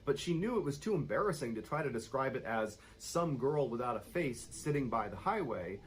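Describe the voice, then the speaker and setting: Male narrator for spooky story reads, expressive and animated pitch, steady suspense. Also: a little fast, rough recording. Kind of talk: scripted scary story narration.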